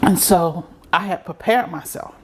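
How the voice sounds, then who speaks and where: A woman's voice: fairly low pitch, a little slow, a little mellow, a little hiss or hum. A grown woman, a guest in an interview, telling a personal story earnestly and acting out the voices of the people she quotes. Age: adult, grown.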